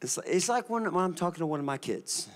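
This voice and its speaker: A man, a pastor preaching a sermon, moving from relaxed storytelling to shouted declarations. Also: a little high, quick pace. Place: church sanctuary.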